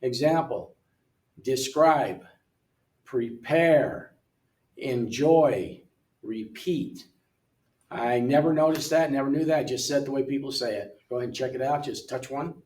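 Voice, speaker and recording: An older man working through an English app lesson in a relaxed way, thinking aloud and reading words off the screen, recorded from away from the mic in a room. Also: medium pitch, fast talker, hardly any pauses, recorded from a distance. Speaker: missionary English tutor. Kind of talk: casual walkthrough of an app lesson. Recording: roomy sound from away from the mic.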